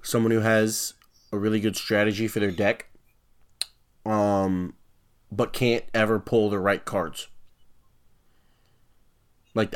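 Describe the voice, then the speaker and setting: A young man with a slightly low-pitched voice co-hosts a casual podcast. He rambles in a laid-back, slangy way. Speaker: podcast co-host. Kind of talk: casual chat.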